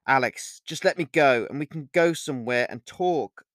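A man's voice: mid-range voice, expressive, normal speed, a bit bright, no echo, clean studio sound, natural voice. A man voicing a frightened pregnant young woman who is a werewolf, in an audiobook reading, speaking in a raised, urgent, pleading way.

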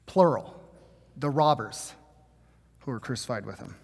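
A man preaching a sermon in a conversational way, dropping to a hush and then rising to strong emphasis. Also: mid-range voice, expressive, unhurried, vocal fry, breathy edge. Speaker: pastor. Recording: long hall reverb.

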